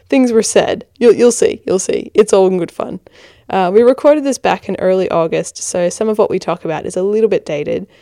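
Speaking at a medium pitch with a warm tone, this podcast host is a woman in her twenties who sounds tired and has an accent blending American and Australian. She's giggly and self-deprecating on her casual show, recorded inside a blanket fort in her bedroom, yet the sound is dry and studio grade.

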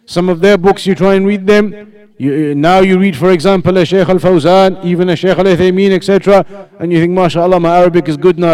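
Man, fairly high voice, religious teacher, explanatory, repeats points, questions the class. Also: darkish tone. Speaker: Islamic teacher. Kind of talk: religious lesson to students.

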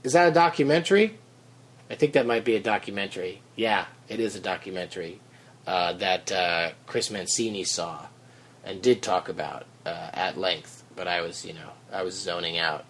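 Relaxed man hosting a podcast. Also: low-pitched, normal speed, breathy edge. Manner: relaxed and rambling, with many fillers. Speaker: podcast host. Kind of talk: casual podcast chat.

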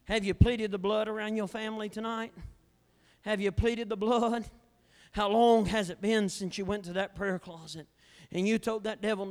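A male evangelist preaching a fiery revival sermon in a church, swinging between loud declarations and hushed asides. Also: high-pitched, fairly even intonation, moderate pace. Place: church sanctuary. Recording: long church hall reverb.

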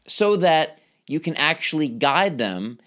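A man hosting a pharmacist podcast, coaching his listeners directly and acting out quoted voices with lively energy. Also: fairly high pitch, takes it slowly. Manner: animated, acts out quoted voices; coaching, speaks straight to the listener. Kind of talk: motivational podcast talk.

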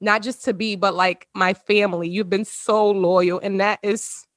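A woman's voice: medium pitch, fairly even intonation, measured pace, no room sound. A woman hosting a casual podcast chat with friends over a video call, talking in a heartfelt, emotional way and laughing often. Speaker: podcast host.

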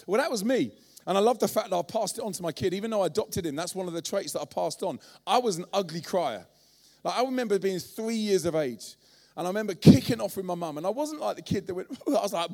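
Animated preacher in his forties. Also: high-pitched, fast. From London, England. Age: 40s. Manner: animated storytelling, acting out voices. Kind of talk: sermon.

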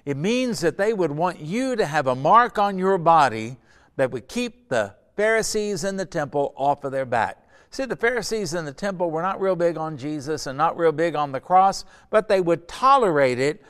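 A middle-aged pastor teaching a Sunday school Bible lesson, earnest and conversational, building to emphatic points. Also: male voice, a little high, animated, normal speed, a bit bright, clear, resonant tone.

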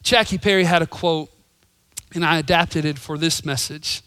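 A male pastor preaching a sermon, telling stories and swinging from loud emphasis to hushed whispers. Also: a little high, normal speed, clear, resonant tone, dry recording. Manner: storytelling with voices.

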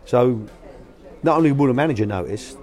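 A man's voice: medium pitch, expressive, a little fast, darkish tone. An older man, a guest telling anecdotes about coaching young players in a casual, colloquial way. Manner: anecdotal, colloquial, acts out quoted voices. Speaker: guest, former youth academy manager. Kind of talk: storytelling interview answers.

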